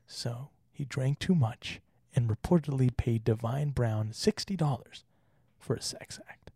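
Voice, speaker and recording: Casual male podcast co-host from Utah, gravelly and husky, playful and quick to laugh. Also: mid-range voice, dark tone, dry recording, studio quality. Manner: joking, laughs often, reads notes aloud. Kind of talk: casual chat with reading.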